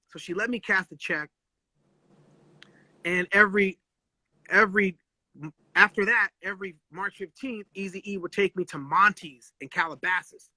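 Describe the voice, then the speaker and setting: A man telling animated stories in a casual live-stream chat, full of slang and swearing, acting out quotes. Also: high-pitched, normal speed, dry recording. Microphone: phone live stream.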